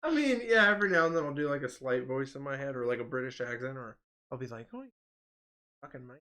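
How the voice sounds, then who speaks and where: A man's voice: mid-range voice, expressive, fast talker, pushed and bright. A man co-hosting a podcast, chatting casually and laughing often as he tells stories and slips into voices. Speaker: podcast co-host. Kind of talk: casual chat.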